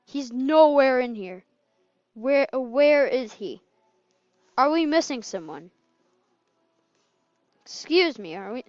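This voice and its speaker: A woman giving casual gameplay commentary, excitable and quick to laugh and yell. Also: high voice, no echo, highs cut off, faint music behind. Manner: excitable, laughs and yells at wins and deaths. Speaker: gamer.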